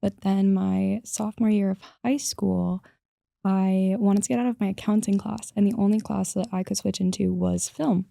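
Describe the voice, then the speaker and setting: A woman from Massachusetts, an actress guest, talking in a calm, matter-of-fact way in a casual podcast chat. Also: medium pitch, normal speed, creaky, dry recording, studio quality. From Massachusetts, outside Boston.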